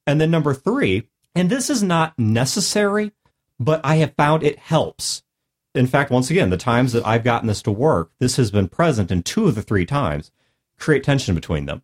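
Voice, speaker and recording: Medium in pitch with big swings up and down, the man talks at a moderate pace. As a podcast co-host, he walks through numbered role-play tips earnestly and casually, selling his own skill short.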